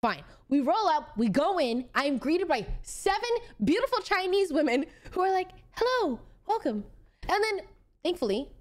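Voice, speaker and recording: A young woman streamer casually telling a story to her chat, acting out quotes and swearing freely. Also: high-pitched.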